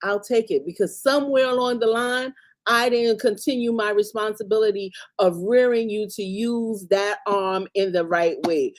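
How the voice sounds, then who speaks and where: A woman's voice: medium pitch, normal speed. A woman who is a mother, co-hosting a casual commentary show and talking in a blunt, emphatic way. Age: adult parent. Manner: emphatic, blunt street talk. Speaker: co-host.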